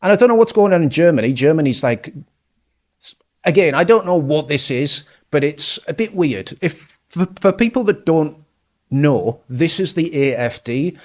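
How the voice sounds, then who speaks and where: A man's voice: on the high side, animated, normal speed. A man giving sarcastic, mocking political commentary over clips. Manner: sarcastic, mocking, with scornful laughs.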